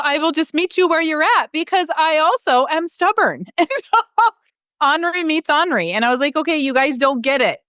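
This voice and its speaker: Loud, passionate Midwestern woman. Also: fairly high pitch, clean tone, no room sound, studio quality. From American Midwest. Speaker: podcast host and guest. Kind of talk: animated interview talk.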